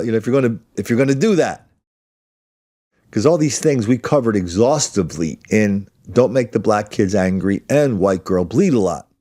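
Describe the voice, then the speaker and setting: A man's voice: medium pitch, darkish tone. A man hosting his own podcast in a blunt, combative solo monologue, rambling with many restarts and asides. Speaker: podcast host.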